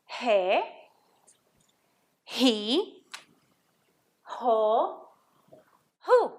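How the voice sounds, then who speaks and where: A woman's voice: medium pitch, fairly bright tone, reverberant, a little hiss or hum. A woman teaching a Spanish lesson to children, patiently sounding out words and repeating them for students to copy.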